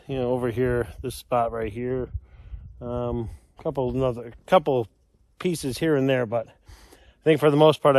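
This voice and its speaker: A man's voice: medium pitch, darkish tone, no echo, studio quality. A middle-aged man, out of breath, chatting casually and rambling with self-deprecating asides while working outdoors on a snowy road. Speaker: homesteader vlogger.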